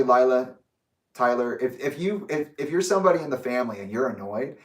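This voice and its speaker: A young man speaking in a rambling, candid personal monologue, with restarts and the odd swear word. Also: fairly low pitch. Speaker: vlogger. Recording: roomy echo, distant from the mic.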